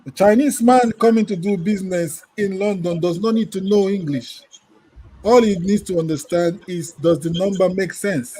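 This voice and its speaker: A man with a high but mellow voice sits on a podcast panel, reading out a listener comment and then sharing his views. His delivery is relaxed and conversational. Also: moderate pace, breathy edge. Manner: relaxed, reads listener comments aloud and then gives opinions. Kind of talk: casual panel discussion.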